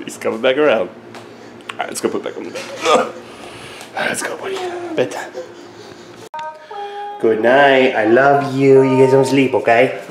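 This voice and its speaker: A young father filming his toddlers at home on a handheld camera, chatting casually and jumping into a high sing-song voice when he plays with them. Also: fairly even intonation, a little slow, long pauses. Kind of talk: casual family vlog. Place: family home, living room. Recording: noisy home camera audio.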